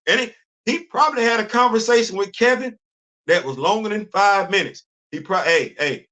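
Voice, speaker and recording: A man hosting a show, talking in a casual, animated monologue and acting out imagined conversations in informal African American Vernacular English. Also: high-pitched, moderate pace. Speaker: host.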